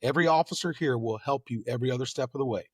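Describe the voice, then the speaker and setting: A Texan man in his late thirties tells stories in a relaxed, chatty way and acts out the voices of the people in them. His voice sits in a middle register, and the recording is close and dry. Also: rapid-fire, breathy edge, no room sound. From Texas. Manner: animated, acts out quoted dialogue with rising pitch and volume. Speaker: fire lieutenant and guest. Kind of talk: casual storytelling.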